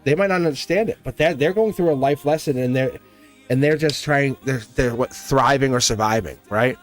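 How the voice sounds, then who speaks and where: A man's voice: mid-range voice, moderate pace, faint music behind. A man giving a live tarot reading to a viewer, speaking earnestly and emphatically, repeating phrases and stumbling over his words. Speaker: tarot reader.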